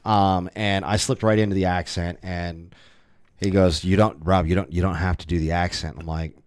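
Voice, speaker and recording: A man co-hosting a casual podcast, telling stories in a rambling, animated way with many restarts. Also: low-pitched, moderate pace, no echo, clean studio sound. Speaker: podcast co-host. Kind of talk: casual chat.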